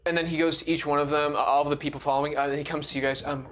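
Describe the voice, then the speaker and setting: A man's voice: a little high, flat delivery, rapid-fire, few pauses, fairly bright tone, a little hiss or hum. A man narrating a live tabletop game as game master, rambling with many fillers and frequent laughs.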